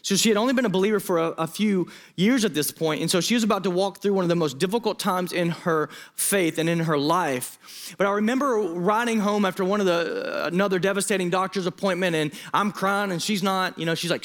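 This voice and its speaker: A man's voice: sits high, a little fast. Earnest emotional male pastor preaching. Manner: earnest, emotional and pleading, with frequent restarts. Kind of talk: sermon.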